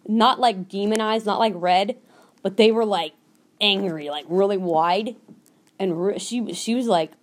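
A woman's voice: mid-range voice, slow pace, pauses often. A woman hosting a podcast, telling a personal story in a casual, earnest way and acting out the voices of people she quotes. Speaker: podcast host.

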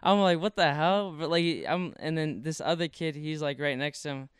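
A man's voice: on the high side, moderate pace, clear, resonant tone, no echo. A young man recounting a story in loose, slangy chat that leans heavily on fillers. His voice is very clean and resonant. The sound is close and dry, with no room around it. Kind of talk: casual chat.

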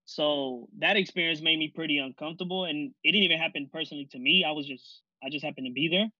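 Bright-voiced easygoing young man. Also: fairly high pitch, fast talker, dry recording, dull audio. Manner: easygoing, storytelling with many fillers. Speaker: discussion participant. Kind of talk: casual group conversation.

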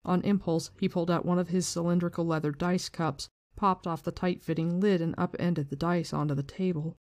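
Book-discussion host, casual and slangy, middle pitch, very dry sound. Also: fairly even intonation, a little fast, a little mellow, no echo. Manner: casual, swears, slangy retelling. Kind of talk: casual book discussion with read-aloud passages.

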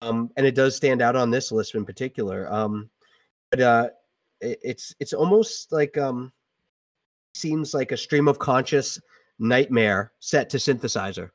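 A man's voice: medium pitch, a little slow, no echo, recorded from a distance. Off-mic man, hesitant podcast chat. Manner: hesitant, many ums and restarts. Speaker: podcast co-host, English teacher. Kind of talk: casual podcast chat about music.

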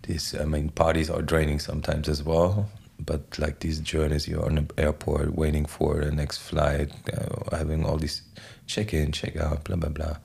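A man talking as a guest in a casual conversation, with a deep, gravelly voice, rambling in a relaxed way with many "like" fillers. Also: moderate pace, hardly any pauses.

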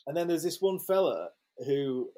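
A man's voice: fairly high pitch, moderate pace. Chatty man telling a story. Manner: lively, swears freely, many fillers and restarts. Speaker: interview guest. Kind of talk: casual storytelling.

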